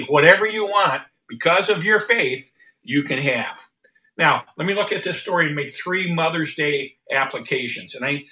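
A man preaching a Mother's Day sermon, halting often with repeated words and fillers as he retells a Bible story. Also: fairly high pitch, pushed and bright, lo-fi sound.

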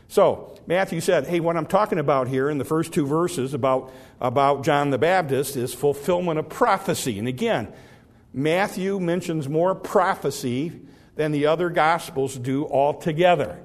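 A man preaches in a folksy, conversational way, his voice sitting a little high for a man. He stumbles and repeats words now and then, and draws out the scripture he reads aloud. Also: unhurried. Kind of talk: sermon, Bible teaching.

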